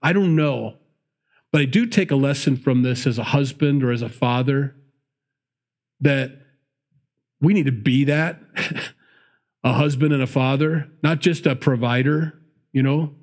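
Pausing often and speaking a little slowly, a man with a mid-range voice preaches. He alternates scripture readings with chatty asides and catches his own slips.

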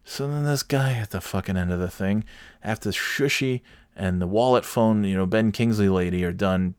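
A man's voice: lowish voice, normal speed, smooth, dry recording, studio quality. A middle-aged man telling a story in a casual, profane and exasperated rant, full of restarts and sarcastic asides.

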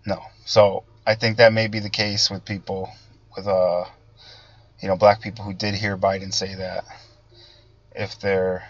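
Halting man with a low-fi sound. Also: little pitch movement, dry recording, highs cut off. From Italian-American background. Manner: halting, many restarts and fillers, conversational. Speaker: political commentary host. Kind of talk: casual political monologue.

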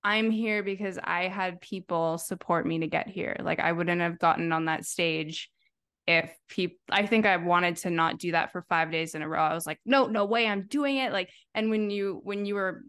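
A woman hosting a podcast, chatting casually and warmly effusive, laughing often and acting out remembered exchanges. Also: fairly low pitch, fairly even intonation, clear, resonant tone. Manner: effusive, quick to laugh, acts out quoted voices. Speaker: podcast host. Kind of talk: casual chat.

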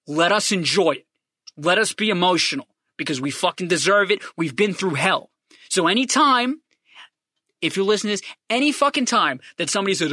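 A man's voice: high voice, a little fast, dry recording, studio quality. A man hosting a podcast, delivering a profane, fired-up sports fan rant with lots of repeated emphasis. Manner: lively swings between loud and hushed. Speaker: podcast host.

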